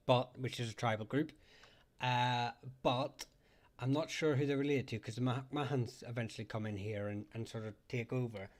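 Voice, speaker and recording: A man with a Northern Irish accent hosting a casual live chat, rambling and laughing often as he talks. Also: medium pitch. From Northern Ireland. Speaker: livestream host.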